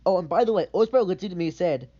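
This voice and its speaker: A man's voice: high voice, rapid-fire, mellow. A young man rebutting accusations in a rambling, defensive monologue, repeating his points as he goes. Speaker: channel creator. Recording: dull lo-fi mic.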